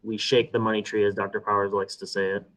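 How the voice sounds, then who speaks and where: A man's voice: on the low side, little pitch movement, fast talker, a bit bright, low-quality recording. Man explaining budgets in a meeting. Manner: explanatory, hesitant. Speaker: school administrator. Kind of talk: school council meeting.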